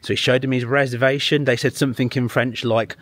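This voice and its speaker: A man's voice: medium pitch, flat delivery, fast, no echo. Chatty man vlogging. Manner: jokey, chatty, laughs often. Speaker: motorcycle vlogger. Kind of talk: casual vlog chat.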